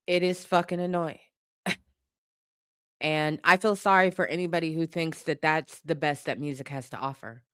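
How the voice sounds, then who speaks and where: A woman's voice: sits low, no room sound, clean studio sound. A woman commentator in a casual opinion rant, blunt and profane, hammering her points by repeating them. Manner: emphatic, repeats points for force.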